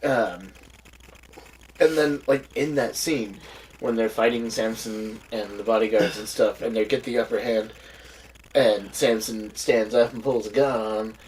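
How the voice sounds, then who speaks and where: A podcast co-host chatting casually about a movie, laughing often and retelling scenes in an animated way. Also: medium pitch, a little slow. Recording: distant mic with faint background noise.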